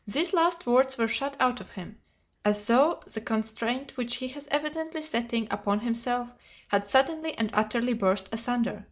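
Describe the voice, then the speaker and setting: A woman reading a classic detective story aloud as an audiobook narrator, steady and measured, in a dull lo-fi recording. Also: fairly high pitch. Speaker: audiobook reader.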